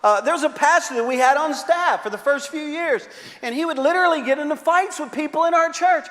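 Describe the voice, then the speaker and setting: A middle-aged man preaching a sermon as pastor, telling animated stories with frequent uh fillers and repeats. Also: extremely high pitch, a little fast. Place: church sanctuary. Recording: long reverb of a large church hall.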